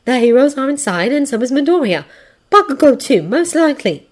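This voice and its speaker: A woman voicing a thoughtful teenage girl who murmurs softly. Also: sits high, very animated, brisk, pitched above the performer's own voice. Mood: uneasy. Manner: murmuring, shaken.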